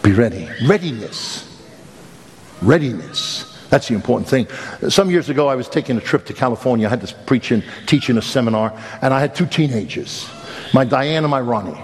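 A middle-aged male pastor preaching a sermon, telling a funny story in an animated, self-mocking way with sudden emphatic rises. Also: mid-range voice, quick pace. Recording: long hall reverb, faint background noise.

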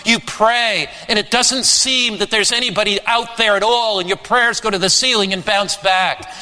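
A man preaching a sermon, slow and emphatic with dramatic pauses. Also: high-pitched, fairly even intonation, sharp tone, long reverb tail, rough recording. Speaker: pastor.

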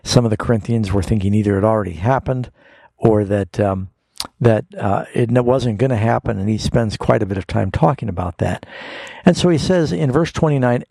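A man's voice: lowish voice, brisk, gravelly, warm tone, dry recording. A man hosting a call-in radio Bible show as pastor, explaining scripture in a folksy, explanatory way with homespun illustrations.

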